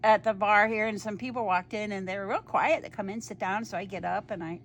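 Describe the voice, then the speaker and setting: A woman's voice: mid-range voice, fairly quick. An older woman, a bar owner, telling a story in a chatty, folksy way with some laughing. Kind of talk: casual storytelling. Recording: faint background noise.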